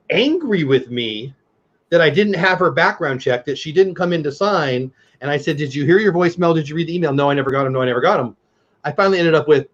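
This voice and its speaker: A man co-hosting a casual watch-party chat, telling blunt, animated work stories. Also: a little high. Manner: blunt, animated storytelling with quoted voices. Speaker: co-host. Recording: dull lo-fi sound.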